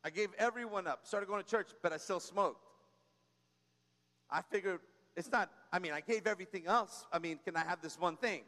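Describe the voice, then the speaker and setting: A man delivering a sermon in a high, light voice, talking to the congregation like a friend and telling stories with humor. He keeps prompting the room with quick asides. His voice trails off into a long reverb from a large church space. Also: pushed and bright. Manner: conversational preaching, frequent "come on" and "right?"; tells personal stories with humor. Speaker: pastor.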